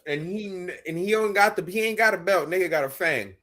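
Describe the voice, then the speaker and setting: A man co-hosting a podcast in casual chat, profane and animated, acting out characters for laughs. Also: high-pitched, a little fast. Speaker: podcast co-host.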